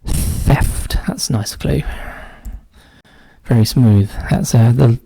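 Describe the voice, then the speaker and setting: A man with a dark, gravelly voice talks himself through a crossword. He often trails into a quiet mutter. The sound is dry and close, with no room echo. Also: medium pitch, slow. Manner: muses aloud, often drops to a quiet mutter. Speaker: crossword solver. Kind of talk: casual solo puzzle-solving commentary.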